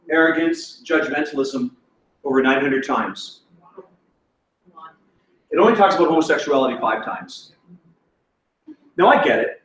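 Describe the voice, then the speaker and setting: High and fairly bright, the voice belongs to a Canadian man guest-preaching in a church auditorium. His sermon is built on stories told with self-deprecating humor, and he laughs at his own tales; the distant mic picks up an echoey hall.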